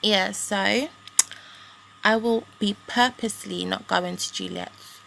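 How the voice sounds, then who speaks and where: A young woman, telling a story as a vlogger in a blunt, sweary and animated rant. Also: medium pitch, slow pace, gravelly, slight background noise.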